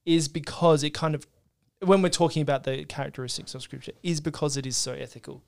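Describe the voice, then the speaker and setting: A man co-hosting a podcast, talking through theology in an earnest, explanatory way. His voice sits a little high and comes across smooth and clear, with frequent restarts as he works out his points. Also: steady tone, fast, a little mellow. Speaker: podcast co-host. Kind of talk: casual theological discussion.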